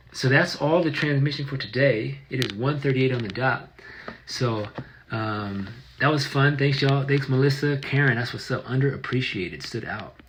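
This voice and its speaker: A man of ordinary mid-range pitch leads a casual livestream lesson in an easygoing, affectionate way. His phrases often trail off softly, and he restarts his sentences with small hesitations. A faint noise and some clicks sit under his voice. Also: rough recording. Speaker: qigong teacher.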